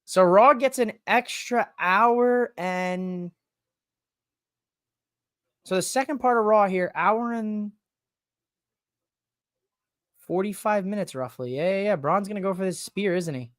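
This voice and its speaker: A woman hosting a live wrestling watch-along podcast in casual chat, excitable and swearing, breaking into loud high-pitched shouts. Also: slow pace, pauses often, no room sound, clean studio sound. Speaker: podcast host.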